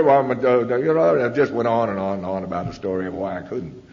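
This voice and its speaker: A man's voice: medium pitch, fast talker. Male speaker, live testimony at a podium mic, candid and folksy; muffled old tape, reverberant hall. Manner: folksy, candid storytelling with fillers. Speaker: speaker sharing his story. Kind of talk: live personal testimony talk. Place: large convention hall. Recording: long hall reverb, dull lo-fi 1990s tape.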